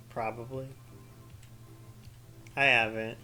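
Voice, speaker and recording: A man's voice: on the high side, unhurried, sharp tone, faint music behind. A man giving rambling, profane let's-play commentary, full of crude jokes and sarcastic mock rants. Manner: mock-ranting with sarcastic asides. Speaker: gaming commentator.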